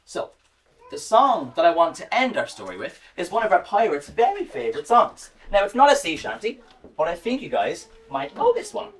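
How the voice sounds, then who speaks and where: A woman telling a story live to children, speaking directly to them in a warm, sing-song way. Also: on the low side, huge pitch swings, normal speed, recorded from a distance. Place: home or school, live performance.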